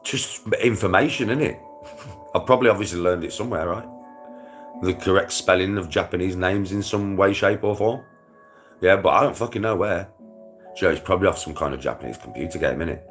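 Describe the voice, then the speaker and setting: A man with a lowish voice rambles through casual chat to his viewers, swearing freely and laughing between thoughts. Faint music plays in the background. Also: a little fast. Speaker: livestreamer.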